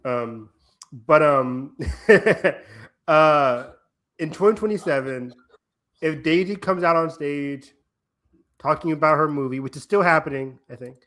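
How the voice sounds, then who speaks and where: Excitable young man with a deep voice. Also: a little slow, long pauses. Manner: excitable, joking, rambling. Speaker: podcast co-host. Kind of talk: casual chat.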